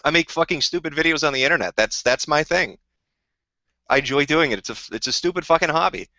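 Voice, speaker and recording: A man with a voice on the high side rants on a casual live stream, rambling, swearing and picking fights as he answers viewers. He's animated and quick, his tone pushed and bright, over dull lo-fi dry sound with no room sound.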